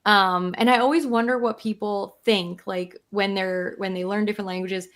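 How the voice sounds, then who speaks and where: A woman co-hosting a podcast, curious and musing as she thinks aloud. She scatters "like" fillers through her questions in easy conversation. Her voice sits at an ordinary middle pitch for a woman. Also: steady tone, moderate pace. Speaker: podcast co-host. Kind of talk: casual chat.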